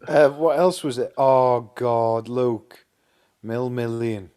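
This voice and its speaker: A man's voice: mid-range voice, takes it slowly, warm tone, smooth. A man, co-hosting a casual chat and reminiscing with frequent laughs and tag questions. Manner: chatty, laughs a lot, asks for agreement with tag questions. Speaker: podcast co-host.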